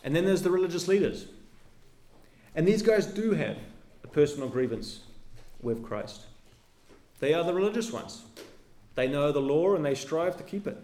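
A man preaching a sermon as pastor, earnest, with his voice dropping low and soft at the ends of phrases. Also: echoey room. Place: church.

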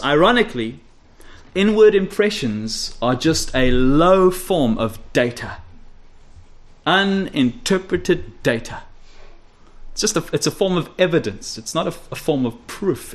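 Emphatic preacher, a man with a higher voice. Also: expressive, measured pace. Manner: emphatic, repeats key phrases, drops low and quiet for stress; asks the audience rhetorical questions. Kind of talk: expository sermon.

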